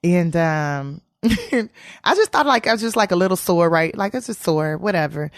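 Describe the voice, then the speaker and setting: A woman's voice: lowish voice, animated, normal speed, no echo, clean studio sound. A woman, a comedian guest, telling a candid story in an interview with slangy, profane speech and frequent laughter.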